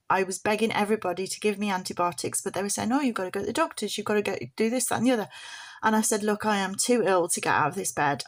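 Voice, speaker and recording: A woman talks to camera from her bed at home in a loose, rambling way. She laughs often, and her voice sits at an ordinary middle pitch. Her throat is still sore from tonsillitis. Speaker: budgeting vlogger. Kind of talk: casual chat to camera.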